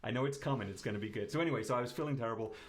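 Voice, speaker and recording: A man telling a personal story in casual chat, animated and jokey. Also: mid-range voice, rapid-fire, a loud crowd. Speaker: guest.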